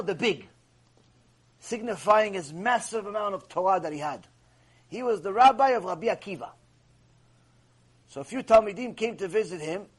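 A man's voice: high voice, husky. A man giving a mussar lecture as a Torah teacher. He is emphatic, repeats himself and asks many rhetorical questions.

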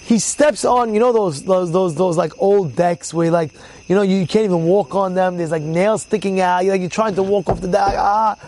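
Heard through a low-quality recording, a man with a strikingly high voice teaches an informal Torah class as a rabbi at normal speed. His style is animated storytelling, with emphatic repetition and loud impersonations of the characters.

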